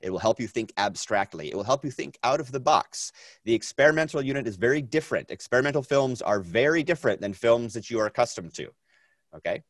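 A man teaching a film class, lecturing in a chatty, energetic way, with many fillers and repeated phrases. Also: medium pitch, fast talker, dry recording.

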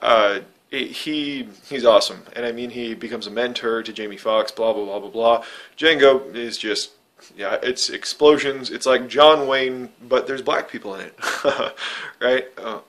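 A man's voice: medium pitch, fairly bright tone. A man vlogging from his bedroom, chatting to the camera in a rambling, offhand way, with lots of fillers as he reviews a movie. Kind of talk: casual rambling chat.

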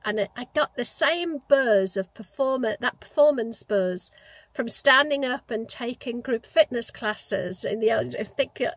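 A woman's voice: on the high side, a bit bright, no echo, poor audio. Chatty woman in her fifties. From Newcastle, England. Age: 50s. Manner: reflective, chatty, many restarts and fillers. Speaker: vlogger. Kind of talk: casual personal storytelling.

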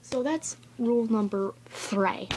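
A woman's voice: on the high side, takes it slowly, darkish tone, a little hiss or hum. A woman recording a casual, rambling tutorial vlog in her bedroom, chatty and goofy and easily sidetracked. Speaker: vlogger.

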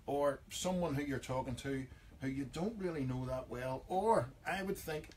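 A man's voice: mid-range voice, normal speed, darkish tone, slight background noise. A man with a Northern Irish accent hosting a comic radio chat, acting out everyday phrases in jokey voices. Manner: jokey, acts out overheard phrases. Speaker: radio host.

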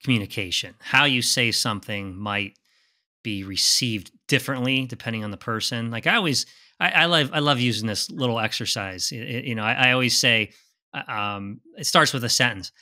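A man's voice: mid-range voice, moderate pace, bright, forceful tone. A man co-hosting a podcast who asks his partner questions, often stumbling and repeating words as he talks. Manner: inquisitive, stammers and repeats words. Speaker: podcast co-host. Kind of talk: casual conversational chat.

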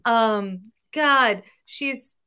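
A woman with a bright, fairly high voice, chatting as a guest about her writing. She talks in an animated way, laughs easily and often gropes for a word mid-sentence. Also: drawn-out words, clear, resonant tone. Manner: animated, laughing, searching for words. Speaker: comic book writer, guest. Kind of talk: casual interview chat.

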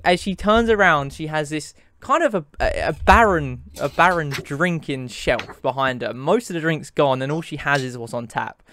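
A man's voice: a little high, expressive, normal speed, few pauses, fairly bright tone. A young man who narrates as game master in a tabletop game, talking in a casual way with restarts and laughs.

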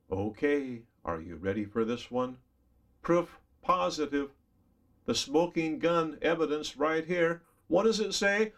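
Man preaching a sermon, slow and deliberate, earnest and emphatic, speaks straight to the listener. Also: a little high. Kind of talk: sermon Bible study.

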